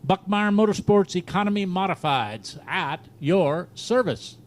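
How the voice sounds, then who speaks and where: A man's voice: sits high, animated, slight background noise. A man with a Southern US accent announcing a dirt track race live over the PA, joking and rattling off the starting lineup. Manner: joking, laughs at himself, reads lineups briskly.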